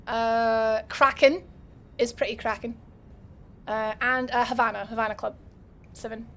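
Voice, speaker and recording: A woman's voice: fairly high pitch, steady tone, measured pace, fairly bright tone, a little hiss or hum. Chatty Scottish woman streaming a game. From Scotland. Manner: chatty, laughs often, reads chat aloud. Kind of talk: casual game stream chat.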